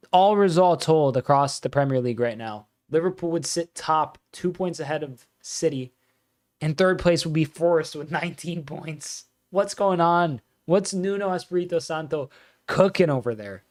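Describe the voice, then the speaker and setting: Excitable man commentating a football watch-along. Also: on the high side, moderate pace. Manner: excitable fan commentary, reads out scores and reacts to chat.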